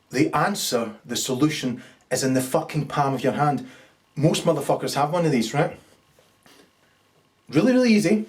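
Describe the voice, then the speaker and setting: A man rants at length, swearing freely and slipping into sarcastic, acted-out little scenes. His voice sits a touch higher than most men's. The mic is set back from him a bit. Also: recorded from a distance. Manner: angry, profane and sarcastic, acting out scenes. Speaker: political commentator. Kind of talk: ranting monologue.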